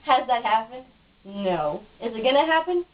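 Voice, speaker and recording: A woman's voice: fairly high pitch, animated, moderate pace. A woman being interviewed in a casual home video, talking in a frustrated, cynical rant. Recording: dull lo-fi, mic at a distance.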